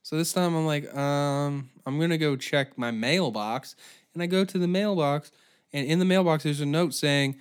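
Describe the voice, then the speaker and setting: A man's voice: fairly high pitch, normal speed, clear, resonant tone. Profane, exasperated man ranting. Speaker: podcast host. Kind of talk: comedic solo rant.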